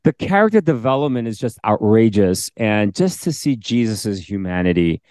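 This is a man with a lowish voice co-hosting a casual faith podcast. He gets animated and excitable, exhorting his listeners. The sound is dry and close. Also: moderate pace, no echo. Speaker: podcast co-host.

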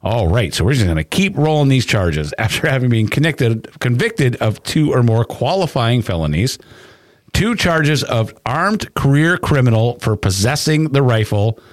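A man's voice: mid-range voice, big pitch swings, normal speed, no room sound, studio quality. A man co-hosting a podcast in casual chat, reading news aloud with running asides. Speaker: podcast co-host. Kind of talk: casual true-crime chat.

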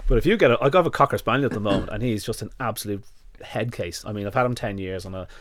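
An Irish man talks quickly in a casual podcast interview, acting out little scenes as he goes. His phrasing is blunt and earthy. The sound is close and dry, with no room echo. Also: on the low side. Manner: animated storyteller who acts out little scenes. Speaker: dog nutritionist guest.

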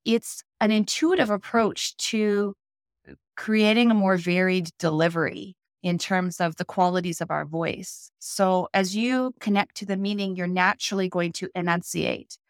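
A woman with a lowish voice explains things the way a speaking coach does, calm and methodical. Her voice is recorded close and dry, with no room around it. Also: no echo. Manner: measured, explanatory, instructive. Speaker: public speaking coach, guest. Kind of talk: podcast interview.

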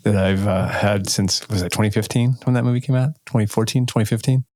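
A man co-hosting a podcast in casual chat, rambling and halting as he searches for words. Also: on the low side, darkish tone, dry recording, studio quality. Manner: rambling, halting, many fillers and restarts. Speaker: podcast co-host.

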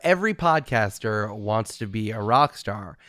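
A man's voice: fairly low pitch, animated, unhurried, a bit bright, no echo. Upbeat male podcast co-host, dry sound. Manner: upbeat, joking. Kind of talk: casual chat.

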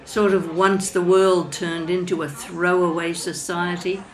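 A woman's voice: fairly low pitch, flat delivery, a little slow, low-quality recording. A woman who narrates and chats with a stranger in a café, asking curious, friendly questions. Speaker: narrator and café conversation partner. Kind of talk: casual scripted dialogue with narration.

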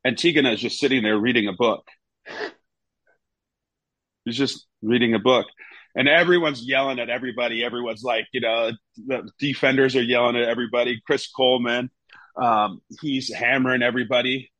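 A man's voice: medium pitch, brisk, no room sound, rough recording. A former goalkeeper, telling stories casually in an interview and acting out his coaches. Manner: animated storyteller, acts out coaches in raised voice.

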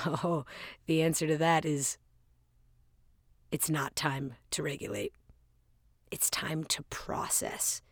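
A woman host telling a personal story in a casual, animated way. She laughs often at herself and acts out both sides of a conversation. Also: low-pitched, slow pace, long pauses, breathy edge, no echo, studio quality. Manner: casual, self-deprecating humor.

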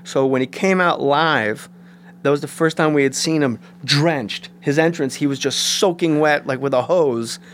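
A man's voice: on the high side, moderate pace, slight background noise. A man, a guest comedian, telling anecdotes in casual chat and slipping into voices. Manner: animated anecdotes with put-on voices.

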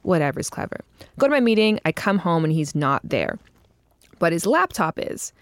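A woman in her thirties tells a story in casual chat, and her voice sits a little low. She is animated and acts out the quotes, with a laugh never far off. The sound is close and dry. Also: normal speed, no room sound. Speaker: guest.

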